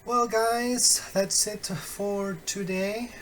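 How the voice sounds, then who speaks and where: A man teaching phonetics in a recorded online lesson, deliberate and full of fillers and self-corrections, with wry, friendly asides to his students. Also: high-pitched, fairly even intonation, a bit bright, slight background noise, rough recording.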